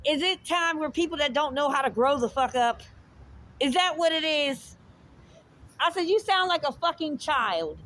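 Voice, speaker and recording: A woman telling a heated personal story straight to her viewers, animated and full of swearing. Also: high-pitched, fairly quick, hardly any pauses. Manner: animated, profane, addresses viewers directly. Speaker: storyteller recounting a confrontation.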